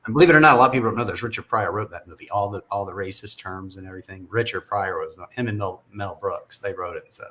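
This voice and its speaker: A man's voice: low-pitched, fast, hardly any pauses, sharp tone. Rambling Southern man telling stories. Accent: Southern American. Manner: rambling storyteller, chuckles often. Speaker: podcast guest. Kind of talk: casual chat.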